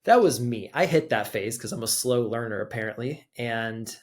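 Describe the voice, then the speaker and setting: A man's voice: medium pitch, lively intonation, normal speed. A young adult man, a podcast guest, telling a personal story in loose, casual conversation, peppered with "like". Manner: loose, conversational, heavy use of filler "like".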